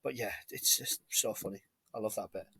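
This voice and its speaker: A man's voice: fairly low pitch, fairly quick, vocal fry, pushed and bright, slightly rough, dry recording. A British man hosting a podcast, talking casually about a film and telling stories with jokey asides. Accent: British English. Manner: chatty storyteller, jokey asides. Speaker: podcast host. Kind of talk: casual film review chat.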